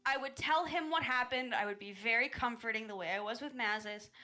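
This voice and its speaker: A woman as a player in a tabletop game, animated, describing her character's actions. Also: a little high, brisk. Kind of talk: tabletop role-play chat.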